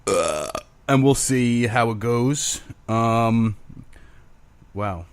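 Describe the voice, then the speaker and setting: A man's voice: medium pitch, animated, drawn-out words, clear, resonant tone, no room sound. A man hosting his own show alone, rambling crudely with self-mocking humor. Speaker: podcast host. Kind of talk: casual solo rambling.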